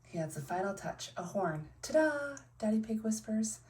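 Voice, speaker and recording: A woman reading a children's picture book aloud and narrating toy play, in a soft, hushed voice with playful voices for the characters. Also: mid-range voice, normal speed, far from the mic. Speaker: storyteller playing with toys.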